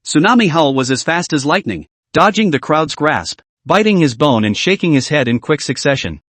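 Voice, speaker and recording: Man, recap narrator, steady storytelling, animated intonation, dry close sound. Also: fairly high pitch, moderate pace, no echo.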